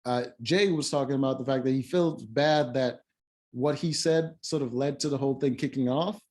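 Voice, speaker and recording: This show reviewer has a mid-range, slightly mellow voice and talks at a normal speed. Recapping a reality-show episode in loose conversation, he wanders, restarts often, leans on fillers, and drops blunt remarks.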